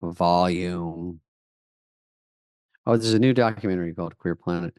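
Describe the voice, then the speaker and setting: A man's voice: low voice, normal speed, a little mellow, smooth, no echo. A man co-hosting a casual comedy podcast, cracking profane jokes as he reacts to clips. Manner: wisecracking, profane, laughs easily. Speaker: podcast co-host.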